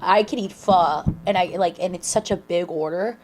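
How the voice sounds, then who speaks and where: A woman streamer chatting casually and excitedly with her viewers while reacting to a sermon. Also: fairly low pitch, moderate pace, a little hiss or hum. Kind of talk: casual watch-along commentary.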